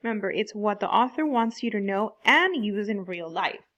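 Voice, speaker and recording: A woman teaching a fourth grade class, explaining slowly and stressing words for young pupils. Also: mid-range voice, expressive, a bit bright, lo-fi sound. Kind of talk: online classroom lesson.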